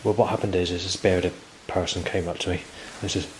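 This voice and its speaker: Brief: man, 40s, very low voice, repetitive outdoor vlog ramble. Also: level tone, a little fast, a little hiss or hum, low-quality recording. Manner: rambling, repetitive, with frequent restarts. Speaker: vlogger. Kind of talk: rambling monologue to camera.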